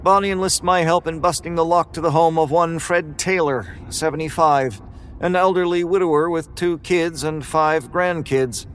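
A man's voice: a little high, fairly even intonation, normal speed. Male horror narrator, weary and grim first-person delivery, faint hiss behind.

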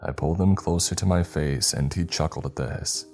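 Man, horror narration, extremely deep voice, dark mellow tone, faint music underneath. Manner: measured, dramatic storytelling.

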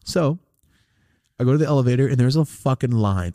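A man's voice: mid-range voice, brisk, no room sound, clean studio sound. A man casually telling a rambling, profane story as a podcast host, acting out the quotes. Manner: profane, rambling, animated retelling with acted-out quotes.

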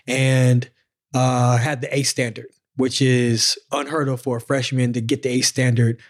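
A man in his forties, a former sprinter, telling his story in a casual podcast chat, slangy and animated, acting out the moments. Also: medium pitch, measured pace.

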